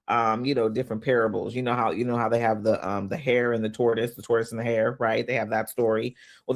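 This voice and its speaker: A woman business coach talking casually in a motivational live stream, speaking straight to her viewers and reading out their comments, with loud emphatic bursts between quieter asides. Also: rumbling low. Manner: animated, talks straight to viewers, reads out comments.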